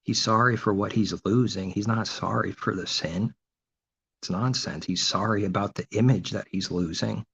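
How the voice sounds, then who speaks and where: A man's voice: on the low side, normal speed, creaky, fairly bright tone, a little hiss or hum. A man delivering an informal sermon, asking and answering his own rhetorical questions, often with mocking sarcasm. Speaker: preacher. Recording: dull lo-fi recording.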